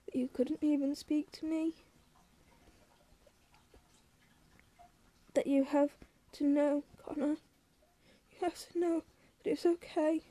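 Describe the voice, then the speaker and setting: A woman reading the part of a gravely ill mother who speaks softly and tenderly, sometimes through tears. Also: high voice, level tone, moderate pace, no room sound. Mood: tearful. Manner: soft, tender, pleading. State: crying in places.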